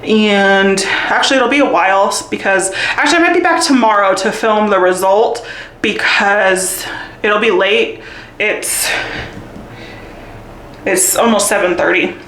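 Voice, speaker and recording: A candid, chatty woman talks straight to her camera in a home vlog, laughing often as she goes. Her voice sits at an ordinary middle pitch for a woman. The room gives it a noticeable echo, with a faint hiss behind her. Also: unhurried, fairly bright tone. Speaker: vlogger. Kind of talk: casual chat to camera.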